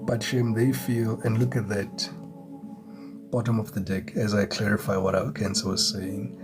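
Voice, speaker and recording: A man's voice: on the low side, flat delivery, normal speed. A man giving a chatty live tarot reading, greeting viewers and chuckling often. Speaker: tarot reader. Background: music.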